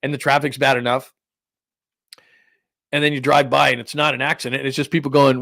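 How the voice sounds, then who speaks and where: A middle-aged man hosting a sports talk show rambles casually through a story and laughs as he goes. His voice sits in a middle pitch, and the recording sounds dry and close. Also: little pitch movement, fairly quick, creaky, long pauses, fairly bright tone, no room sound. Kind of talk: casual chat.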